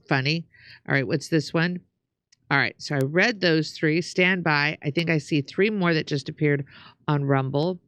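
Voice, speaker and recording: A woman's voice: sits low, moderate pace, fairly bright tone, no room sound. A woman co-hosting a show, casually reading out viewer comments with some hesitation. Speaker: co-host.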